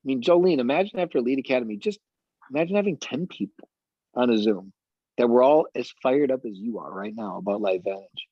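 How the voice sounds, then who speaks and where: A man's voice: mid-range voice, expressive, fast, no echo, muffled recording. A man coaching a sales team on a video call, talking eagerly and rambling with lots of fillers.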